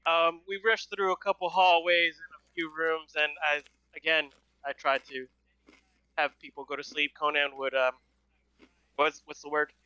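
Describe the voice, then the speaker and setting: A man's voice: on the high side, little pitch movement, moderate pace, pushed and bright, smooth, no echo, dull audio. A man playing a tabletop game, talking hesitantly with many fillers. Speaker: player. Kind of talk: casual in-character play.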